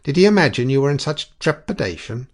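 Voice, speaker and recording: A man's voice: mid-range voice, very animated, fast talker, voice pushed up. A man reading the part of an earnest, fatherly old priest, speaking in an exclaiming, pleading way.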